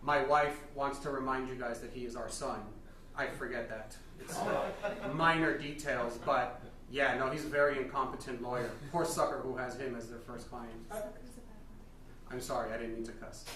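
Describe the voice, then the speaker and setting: A man playing a stern deadpan Amish father. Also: medium pitch, normal speed, slight background noise, natural voice. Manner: dry, blunt, deadpan put-downs. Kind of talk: live improv comedy. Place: live stage venue with audience. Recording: echoey room from far off, crowd.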